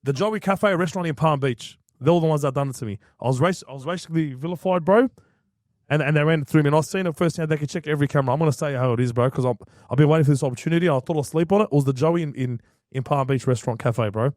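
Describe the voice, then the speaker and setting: Man, 30s, rapid heated storytelling, slangy, dry close sound. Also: fairly high pitch, darkish tone, no room sound. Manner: fast, repetitive, slangy retelling. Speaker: podcast guest.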